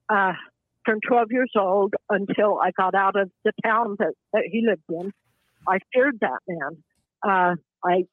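A woman in her seventies calling in to a show, speaking in a halting, impassioned way with bursts of anger. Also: medium pitch, no room sound. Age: 70s. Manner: halting, impassioned, angry outbursts. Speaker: caller. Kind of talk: emotional call-in testimony. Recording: tinny phone line.

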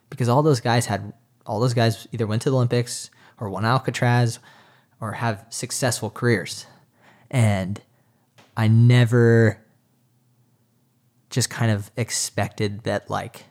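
A man's voice: on the low side, a little mellow. Earnest young man, casual chat. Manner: earnest, talks with many "like" fillers. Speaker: triathlete guest.

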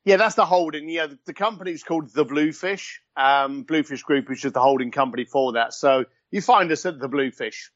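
A man's voice: on the high side, a bit bright, no room sound, muffled recording. A man with an East London accent, chatting as a guest in an interview and joking at his own expense. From East London, England. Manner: chatty and self-deprecating, quick with a joke. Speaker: guest, luxury concierge. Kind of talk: casual interview chat over a call.

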